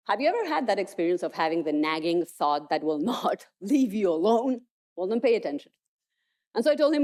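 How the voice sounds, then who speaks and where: A woman's voice: mid-range voice, sing-song, brisk, darkish tone. A woman motivational speaker telling stories emphatically in a keynote. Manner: storytelling, emphatic. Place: conference stage.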